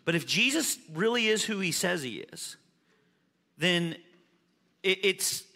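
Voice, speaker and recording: Male pastor, animated sermon delivery, bright edge, reverberant hall sound. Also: fairly high pitch. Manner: animated preaching, swings from loud emphasis to quiet asides.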